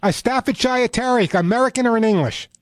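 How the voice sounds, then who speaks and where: A man's voice: very high voice, fairly quick, no echo. A man hosting a call-in radio show on pets, chatting, telling stories and giving step-by-step advice. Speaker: radio show host, pet expert. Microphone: studio microphone.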